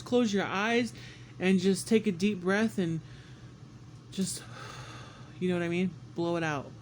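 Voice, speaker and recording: A man vlogging a casual story about being sick, animated and swearing often, acting out what people said. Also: sits high, slight background noise. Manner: animated, swears often, acts out quotes with squeals. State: congested and sick.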